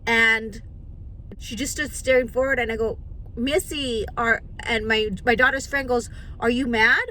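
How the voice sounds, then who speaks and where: A middle-aged woman telling a story to camera in a casual vlog, animated and full of restarts, acting out what people said. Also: on the high side, unhurried, slight background noise, rough recording. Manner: animated, acts out quotes, many restarts. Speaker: vlogger.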